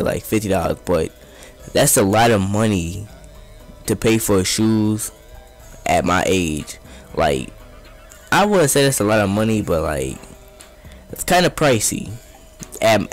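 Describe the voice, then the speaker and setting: Young man telling a profane storytime. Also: lowish voice. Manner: profane, rambling, streetwise slang. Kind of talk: casual storytime over gameplay.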